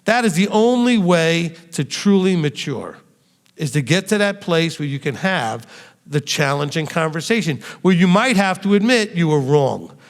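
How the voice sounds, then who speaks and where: Gravelly, animated man teaching. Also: on the high side, normal speed, long reverb tail. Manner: animated, acts out quoted dialogue. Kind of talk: Q&A teaching session.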